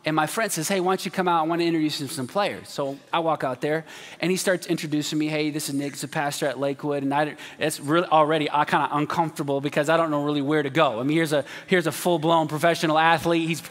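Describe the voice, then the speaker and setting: A man preaching in a large church auditorium, with a high, bright voice that rings out under a long hall reverb. He delivers his sermon as an animated story, acting out the quotes as he goes. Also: fast. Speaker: pastor.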